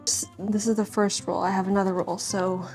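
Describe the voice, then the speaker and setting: A woman's voice: mid-range voice, flat delivery, a little fast, a little mellow, soft background music. A young woman chatting casually to camera while baking in her home kitchen, talking to herself and a bit flustered. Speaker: home baker vlogger. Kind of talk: casual baking vlog chat.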